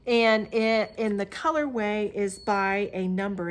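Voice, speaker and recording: A woman's voice: mid-range voice, steady tone, a little slow. A middle-aged woman chats through a casual show-and-tell crafting vlog. She rambles, restarts her sentences and fills gaps with "um". It sounds like a camera mic in her crafting room at home. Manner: chatty, rambling, with many fillers and restarts. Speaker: Flosstube host.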